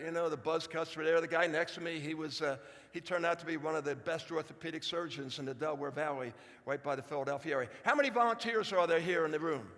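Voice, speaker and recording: In a big-room sound, a man in his seventies with a rather high, slightly bright voice talks straight to a live audience in a large hall. His speech is folksy and joking.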